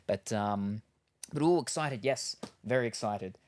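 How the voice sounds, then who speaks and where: A man's voice: on the low side, slow pace, darkish tone. A man chatting casually while unboxing gear, rambling with lots of ums and asides. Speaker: streamer.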